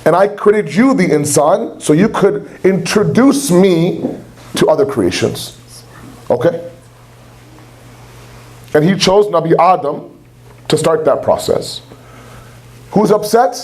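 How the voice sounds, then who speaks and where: A man's voice: fairly high pitch, animated, a little slow, pauses often, darkish tone. A man giving a religious lecture in a conversational way, with rhetorical questions and humor. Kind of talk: sermon-style lecture.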